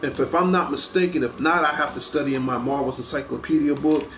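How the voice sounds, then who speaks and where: Brief: rambling male host, slightly high voice, echoey room, eager, repeats himself. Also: fast, a bit bright, a little hiss or hum. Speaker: show host. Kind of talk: casual chat about movies.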